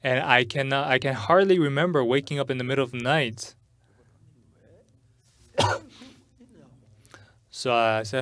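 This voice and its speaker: A middle-aged man preaching a sermon in English at a church service. He tells a personal story in a halting way, often repeating and restarting words. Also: mid-range voice, a bit bright, clean tone, no echo. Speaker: pastor.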